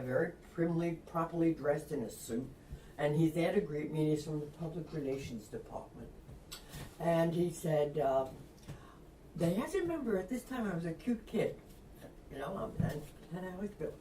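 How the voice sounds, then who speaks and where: Animated older woman telling a story. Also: deep voice, moderate pace. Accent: Long Island. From Long Island. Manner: animated storyteller acting out quotes, laughs often. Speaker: author guest. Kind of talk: storytelling interview. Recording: echoey room, distant mic, faint noise.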